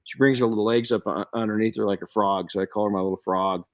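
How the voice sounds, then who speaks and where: A middle-aged man hosting a podcast, chatting casually and telling stories in an animated way, often restarting his sentences. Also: on the low side, quick pace. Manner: storytelling, animated, frequent restarts and self-corrections. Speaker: podcast host.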